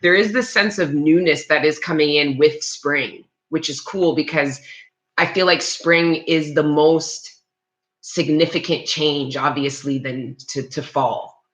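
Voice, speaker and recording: A woman's voice: deep voice, a little slow. A woman giving a live-streamed tarot reading, rambling and chatty with many restarts, and talking straight to her viewers. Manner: talks to live chat viewers. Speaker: tarot reader. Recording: roomy echo.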